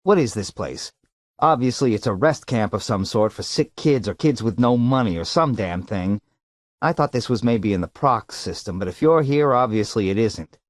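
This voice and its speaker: A man's voice: fairly low pitch, animated, moderate pace, dry recording, lightly acted. A man voicing an impatient, harried middle-aged businessman who talks in a pressing, irritable way.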